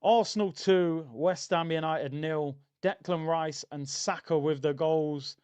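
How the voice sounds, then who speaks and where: This live match reaction comes from a man hosting a football watchalong stream. His voice sits on the high side, slow and smooth, as he chats casually, reads viewer comments aloud and now and then gets excitable.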